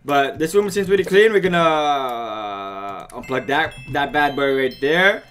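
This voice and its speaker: Let's play guy, jumpy, lively voice, bright and sharp, keeps talking to viewers. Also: fairly high pitch, measured pace, slight background noise. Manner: frantic, excitable, chatty with viewers. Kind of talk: gaming commentary.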